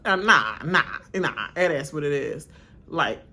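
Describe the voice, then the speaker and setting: A woman's voice: low voice, animated, slow pace, sharp tone. A woman doing a live watch-along of a reality show, laughing often and acting out the cast in exaggerated voices while she rants bluntly. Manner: blunt, ranting commentary. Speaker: reality TV reaction streamer.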